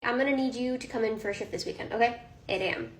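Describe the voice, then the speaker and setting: A woman's voice: a little high, quick pace, reverberant, a little hiss or hum, natural voice. A woman playing a pushy boss who guilt-trips her employee and brushes off objections. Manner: pushy, dismissive, guilt-tripping. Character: pushy demanding female boss.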